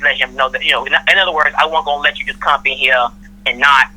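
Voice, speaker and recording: A woman's voice: extremely low pitch, steady tone, quick pace, pushed and bright, slightly rough, poor audio. A middle-aged woman from Florida telling a work story in casual chat, acting out the people she quotes. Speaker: podcast guest, mother of host.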